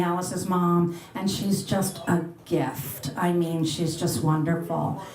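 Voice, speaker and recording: Middle-aged female radio host, chatty and laughing, live in a reverberant dining room. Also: medium pitch. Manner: chatty, laughing, bubbly asides. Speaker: radio host speaking at a luncheon. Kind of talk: casual talk and Q&A with an audience. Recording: roomy live event recording.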